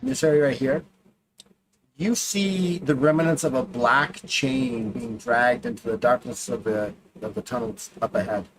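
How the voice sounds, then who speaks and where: A man's voice: medium pitch, big pitch swings, unhurried, gravelly, noisy background. A man narrating and running a tabletop role-playing game in a casual way. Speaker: game master.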